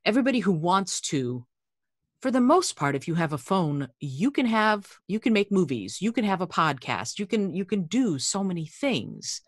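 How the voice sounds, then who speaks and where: A woman's voice: on the low side, sing-song, no echo, clean studio sound. A woman hosting an interview podcast, talking in a reflective, casual way and repeating key points for emphasis. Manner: reflective, emphatic repetition, builds questions slowly. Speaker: podcast host.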